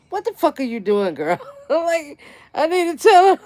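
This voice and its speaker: A woman's voice: high-pitched, big pitch swings, measured pace, a little mellow, no echo. A woman hosting a gardening channel, chatting casually and profanely on a livestream and laughing often.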